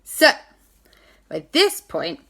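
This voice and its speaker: Animated woman telling a children's story. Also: lowish voice, very slow, vocal fry, a little hiss or hum. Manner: animated, playing every character in turn.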